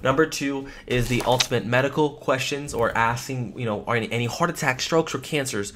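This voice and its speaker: A man's voice: medium pitch, brisk, background noise. A man teaching life insurance phone sales in a training lesson, emphatic and repeating his key points.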